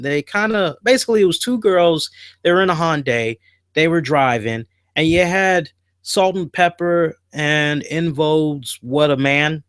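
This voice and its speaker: A man hosting a show, casually and excitedly reviewing ads in slangy talk. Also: fairly high pitch, no echo. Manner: enthusiastic, slangy, retells scenes with put-on voices. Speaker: podcast host.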